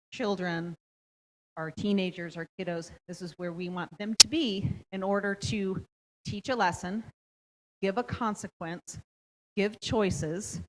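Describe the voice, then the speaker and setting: A woman's voice: medium pitch, low-quality recording. A middle-aged woman presenting a parenting workshop, explaining step by step and often checking in with "okay?". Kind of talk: instructional presentation.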